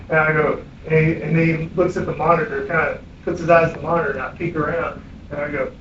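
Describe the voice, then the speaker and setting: A middle-aged man teaching a classroom of medics, blunt and salty, throwing questions at his students. His voice sits a bit high for a man. He's picked up from far off in an echoey room, dull and lo-fi, with faint noise behind him. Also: fairly even intonation, fast talker. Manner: blunt, profane, quizzing the class. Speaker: EMS instructor. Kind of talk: classroom lecture with anecdotes. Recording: echoey room, distant mic.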